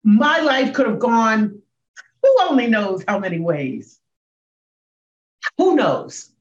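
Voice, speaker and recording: A woman in her sixties, a comedian and speaker, telling her story as a podcast guest with emphatic swings in pitch and volume. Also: big pitch swings, slow. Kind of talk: emotional storytelling in a podcast interview. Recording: echoey, dull room sound.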